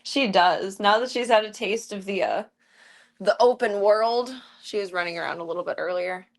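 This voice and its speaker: A woman live-streaming from her home in a loose, chatty way. She keeps up a running conversation with her viewers and drops into a soft, cooing voice for her cats. Her voice sits at an ordinary pitch for a woman. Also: moderate pace. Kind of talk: casual live-stream chat.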